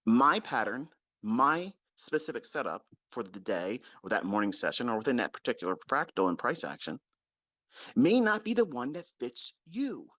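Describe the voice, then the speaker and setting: A man's voice: a little high, sharp tone, dry recording. Blunt, profane man scolding his students. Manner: stresses points by repeating them. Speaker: trading mentor. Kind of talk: unscripted ranting lecture to followers.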